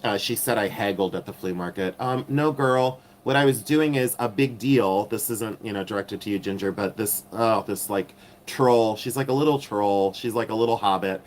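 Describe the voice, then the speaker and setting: A middle-aged man hosting a casual live stream, rambling with many ums and turning sassy and catty when riled. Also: fairly low pitch.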